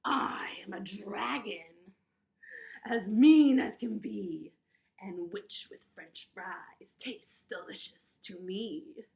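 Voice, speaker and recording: A woman's voice: medium pitch, takes it slowly, vocal fry, a little mellow. A woman voicing a mean, hungry male dragon in a storybook reading, drawn out and menacing, in an echoey room.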